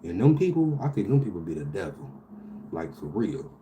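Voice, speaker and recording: A man, animated and profane, telling a story about his delivery job with loud outbursts. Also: deep voice, brisk, a little hiss or hum. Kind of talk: casual storytelling vlog.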